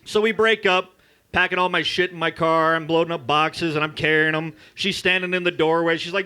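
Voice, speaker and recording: A man doing a crude, loud stand-up comedy set at an open mic in a bar. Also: on the high side, fairly even intonation, a little fast, clear, resonant tone. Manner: crude, loud, jokey storytelling. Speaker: stand-up comic.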